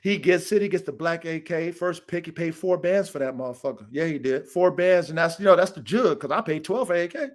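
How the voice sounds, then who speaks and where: His fairly high voice has lively intonation and comes a little fast with few pauses. The man, a podcast host and dog breeder, is on a casual livestream rant, cursing bluntly, getting worked up, and repeating himself over a live stream mic.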